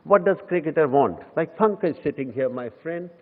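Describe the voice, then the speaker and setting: A man's voice: fairly high pitch, expressive, moderate pace. Indian man lecturing in an echoey hall. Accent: Indian English. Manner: anecdotal and self-mocking, slipping into Hindi. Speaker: guest lecturer. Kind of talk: humorous public lecture. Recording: echoey hall, tinny phone-like sound.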